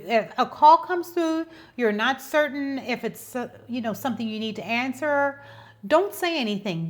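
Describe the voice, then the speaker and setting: A woman in her fifties hosts a casual how-to tutorial at a mid-range pitch. She sounds exasperated and often stops to restart a phrase or repeat a word before pressing on. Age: 50s. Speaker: host.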